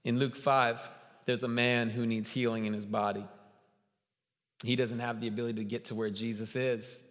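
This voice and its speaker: A man in his thirties preaching a sermon as a guest pastor, telling stories and building to loud, emphatic peaks. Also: on the low side. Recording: long hall reverb.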